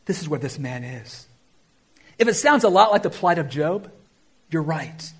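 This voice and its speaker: Man, pastor, sermon, high voice, husky tone, emphatic and hushed by turns. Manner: animated preaching, swinging from loud emphasis to quiet, drawn-out phrases.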